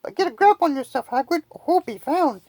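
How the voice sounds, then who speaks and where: A woman reading the lines of a stern, anxious older woman teacher, brisk and hushed, in a storybook reading. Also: high voice, lively intonation, no room sound.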